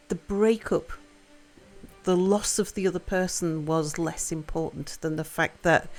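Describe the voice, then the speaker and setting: Livestream host: young woman, Northwest English accent with a hint of Liverpool, slow and halting, thinks out loud, soft music under her. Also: lowish voice. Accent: Northwest England, Liverpool-tinged. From Northwest England. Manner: thoughtful, halting, reads chat aloud, laughs often. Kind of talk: casual chat with live chat.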